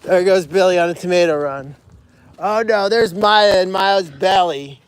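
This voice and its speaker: A man with a notably high voice hosts a casual livestream outdoors at an animal sanctuary. He chats easily with viewers between tasks and calls the animals by name as he feeds them. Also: a little slow, clean tone.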